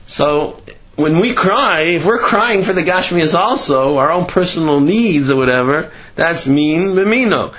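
A man giving a Torah class sermon with animated storytelling, rising in pitch for emphasis. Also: measured pace, husky, lo-fi sound. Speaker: religious teacher.

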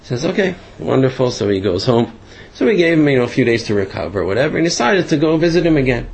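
A man's voice: mid-range voice, very animated, fast, creaky, a little mellow, breathy edge, rough recording. A man casually telling a long story aloud, rambling with many fillers and restarts.

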